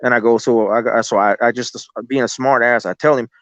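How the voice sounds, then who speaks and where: A man's voice: medium pitch, steady tone, a little fast, a bit bright, no echo. A man casually telling a long story as a guest, swearing freely and rambling with restarts. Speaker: guest telling encounter stories. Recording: slightly dull lo-fi audio.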